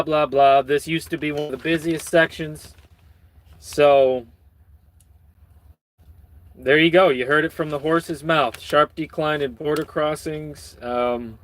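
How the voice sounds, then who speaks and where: A man with a fairly high, bright, forceful voice riffs on news stories with a sardonic edge. He swears often and rambles off on tangents as he reads. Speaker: channel host reading news. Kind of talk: profane comic news commentary. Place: lives in Michigan.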